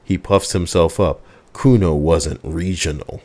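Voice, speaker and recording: A man playing a video game, reading its dialogue aloud in a low-key drawl with sighs and cursing. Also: a little slow, a little mellow, slight background noise. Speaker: let's play gamer.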